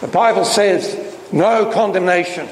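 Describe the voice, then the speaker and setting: A man preaches a sermon in an emphatic style, often asking rhetorical questions. His pitch swings up and down, and his voice sits a little on the high side. The recording is roomy, with a long hall reverb and faint background noise. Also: measured pace.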